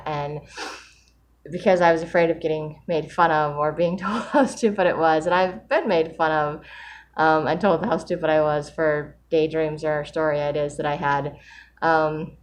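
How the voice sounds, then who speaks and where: A woman talking candidly in a reflective personal vlog, earnest and open, with soft laughs and fillers as she speaks of gratitude and faith. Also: low voice, fairly even intonation, moderate pace, slight background noise. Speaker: vlogger sharing a daily writing video.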